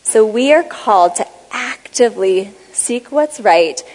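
A woman giving a teaching talk, explaining Bible words and reading passages aloud in a measured, explanatory way. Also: a little high, lively intonation, darkish tone, big-room sound, rough recording. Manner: measured, explanatory, reads scripture aloud slowly. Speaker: speaker on Bible study.

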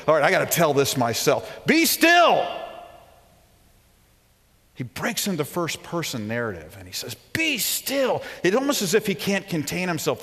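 A man in his forties preaching a sermon as a professor, telling stories animatedly, acting out quoted voices and dropping to a near hush. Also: fairly high pitch. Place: large hall. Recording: long hall reverb.

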